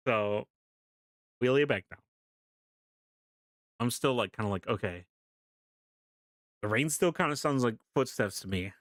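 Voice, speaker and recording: Laughing often and swearing freely, a young male streamer tells his chat a story in a casual, animated way. His pitch is ordinary for a man, his pace a little slow with long pauses. The desk mic captures him close and dry, with no room sound.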